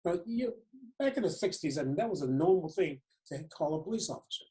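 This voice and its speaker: A man in his seventies from Detroit, a retired police chief giving a lecture, telling a personal story deliberately and reflectively, often repeating words for emphasis. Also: on the high side, animated, a little mellow, rough recording. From Detroit, USA.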